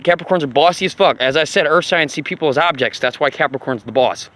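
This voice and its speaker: A man rambling casually and profanely, laughing often, in an animated monologue. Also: medium pitch, quick pace, hardly any pauses. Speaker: vlogger on astrology.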